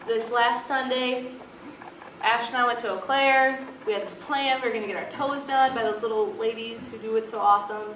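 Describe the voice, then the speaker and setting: A woman's voice: on the high side, steady tone, normal speed, fairly bright tone, slight background noise. A young woman giving an earnest, confessional testimony to a youth group and urging listeners. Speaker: youth speaker. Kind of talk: personal testimony talk. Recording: echoey room from far off.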